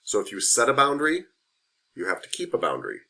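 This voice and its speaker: A man's voice: medium pitch, huge pitch swings, fast, creaky, bright, forceful tone. A man teaching a massage therapy class in a classroom, speaking frankly and conversationally and repeating his key points. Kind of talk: classroom lecture.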